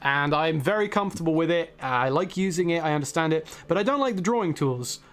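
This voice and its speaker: A man hosting a live stream, talking casually in a rambling, self-deprecating way with quick jokes. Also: fairly high pitch, expressive, a bit bright, smooth. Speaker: host.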